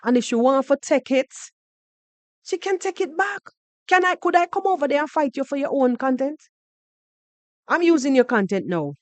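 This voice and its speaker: A woman's voice: high-pitched, moderate pace, long pauses, no room sound. A woman with a Jamaican accent hosting a podcast, giving heated reaction commentary with a mocking edge, slipping into patois and repeating herself as she argues. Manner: animated, mocking, switching into patois, repeating words. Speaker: podcast host reacting to other creators.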